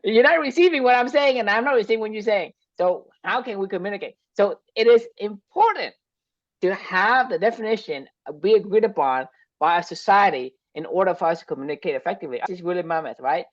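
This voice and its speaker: A woman's voice: mid-range voice, lively intonation, brisk, dry recording, highs cut off. A woman co-hosting a podcast in casual chat, speaking emphatically and bluntly and swearing freely. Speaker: podcast co-host.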